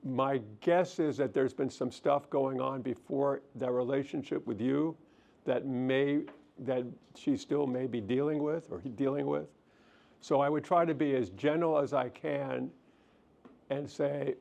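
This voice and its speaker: A middle-aged man, a counselor, giving a relaxed lecture and answering audience questions in a gentle, self-deprecating way. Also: mid-range voice, unhurried, creaky. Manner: gentle, self-deprecating, thinks aloud with restarts. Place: lecture hall.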